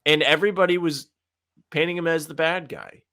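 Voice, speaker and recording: A man co-hosting a casual sports podcast, talking in an animated, ranting way with some sarcasm. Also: a little high, a little fast. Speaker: podcast co-host.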